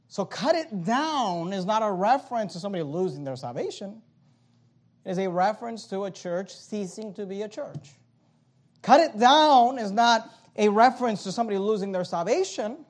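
A pastor preaching a sermon in a church auditorium, emphatic and repetitive, rising loud and dropping quiet. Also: male voice, high voice, expressive, normal speed.

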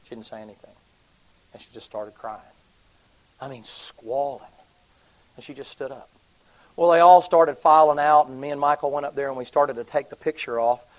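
A man preaching, telling a story in a sermon. He swings from hushed, low passages to loud, high, excited ones. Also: normal speed, long pauses, low-quality recording.

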